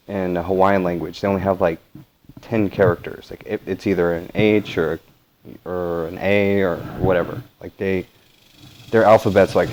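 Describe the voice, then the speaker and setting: Deep flat-voiced rambling man. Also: slight background noise, poor audio. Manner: meandering, frequent fillers and self-corrections. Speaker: channel host. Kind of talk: rambling casual vlog commentary.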